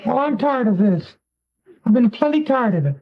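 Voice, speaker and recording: A small, earnest male puppet chatters in a high voice that leaps all over the place. He frets and plots like a busy stagehand in a live 1950s TV puppet show. The sound is dull and lo-fi, like an old broadcast. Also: animated, normal speed, full character voice. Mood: fretful.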